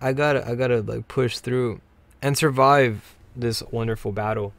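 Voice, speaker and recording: A man hosting a weekly gaming livestream, sleepy and yawning, rambling between bursts of excitement. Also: medium pitch, moderate pace, gravelly, no room sound. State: tired, yawning. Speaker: livestream host. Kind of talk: gameplay livestream commentary.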